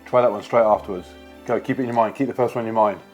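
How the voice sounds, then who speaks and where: A man's voice: fairly low pitch, fairly even intonation, racing, soft background music. A man hosting a casual vlog, chatting playfully while taste-testing food. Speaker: vlogger host.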